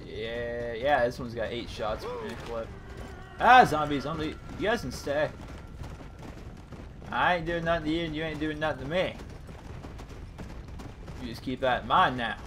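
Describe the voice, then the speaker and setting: Excitable young man commentating a game. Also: medium pitch, moderate pace, long pauses, background noise. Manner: excitable, jokey, bursts into shouts. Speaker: gaming commentator. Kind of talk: casual let's-play commentary. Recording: voice over loud game sounds. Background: game sounds, horse hooves.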